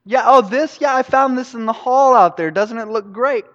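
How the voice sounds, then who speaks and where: A man's voice: extremely high pitch, moderate pace, a bit bright, pitched above the performer's own voice. A man voicing an oblivious, chatty male interior designer who rambles breezily, in an echoey hall. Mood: breezy. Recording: echoey hall, dull sound.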